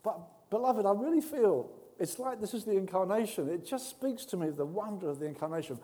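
Earnest high-voiced male preacher in a hall. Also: animated, fast talker. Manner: earnest, swings between soft intimate tones and loud emphatic bursts. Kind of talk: sermon. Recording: long reverb of a large hall.

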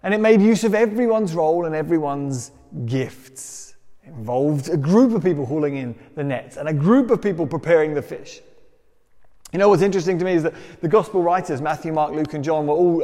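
A man's voice: on the high side, a little fast, mellow, big-room sound. A man delivering a conversational sermon, telling stories with self-deprecating humour. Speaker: preacher.

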